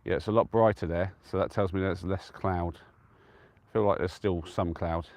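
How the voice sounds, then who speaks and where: A man's voice: deep voice, fairly even intonation, normal speed. Easygoing man from England chatting outdoors. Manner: chatty and easygoing, answers viewer comments aloud. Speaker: live-stream vlogger. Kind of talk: casual live-stream chat. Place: outdoors on a windy-free open hilltop at a trig point.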